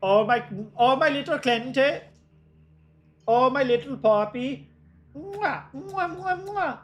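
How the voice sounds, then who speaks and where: A man's voice: lively intonation, takes it slowly, fairly bright tone, full character voice. A man doing a cooing Dutch grandma. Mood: doting. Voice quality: high cooing falsetto with smacking kisses. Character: doting old Dutch grandma, fussing over her puppy.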